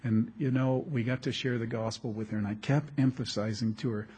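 A middle-aged man preaching a sermon as a pastor, telling animated, jokey stories with frequent restarts. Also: medium pitch, a little fast, hardly any pauses, slightly rough.

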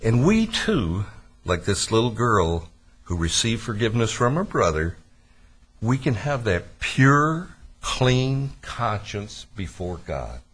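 A man preaching a sermon to his church, telling a story in a lively, deliberate way. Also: on the low side, breathy edge. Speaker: pastor.

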